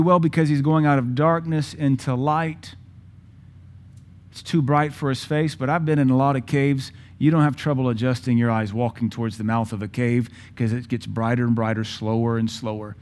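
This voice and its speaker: A man in his forties preaching a sermon with passion, using dramatic pauses and acting out voices from scripture. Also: mid-range voice, darkish tone. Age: 40s. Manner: impassioned, dramatic pauses, mimics Bible voices.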